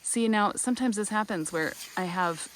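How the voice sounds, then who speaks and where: A woman's voice: mid-range voice, normal speed, fairly bright tone, slight background noise. A woman giving a casual, chatty walkthrough of her flower garden, gushing over the blooms and a little tired and out of breath after a long drive. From American Midwest. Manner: chatty, gushing about flowers, many ums. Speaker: garden vlogger. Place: outdoor garden on a summer evening. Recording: faint outdoor ambience with crickets.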